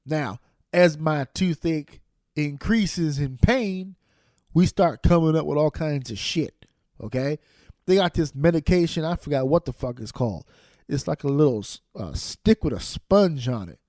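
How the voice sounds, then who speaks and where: A man hosting a podcast, telling a loud, angry, profane comic rant into a studio microphone. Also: a little high, lively intonation, a little slow, no echo. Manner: loud, angry, swearing storyteller. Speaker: podcast host.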